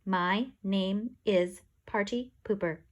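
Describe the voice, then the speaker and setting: A woman voicing a polite, eager talking toilet seat that speaks slowly and evenly in a storybook. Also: mid-range voice, muffled recording, natural voice. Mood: earnest.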